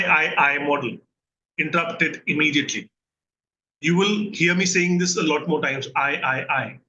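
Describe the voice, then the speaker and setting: Indian guy therapist teaching, kinda high bright voice, keeps asking "okay?". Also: lo-fi sound, slight background noise. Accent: Indian English. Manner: earnest teaching, asks listeners questions and checks in. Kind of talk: recorded mental health lesson.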